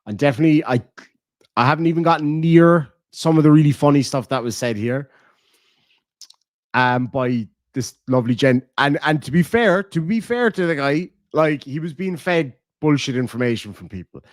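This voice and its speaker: A man's voice: on the high side, animated, moderate pace, dry recording. Irish guy rambling on stream, swears a lot, dead dry mic. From Ireland. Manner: swearing, laughing, rambling asides. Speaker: streamer reading viewer comments. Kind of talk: casual live-stream chat.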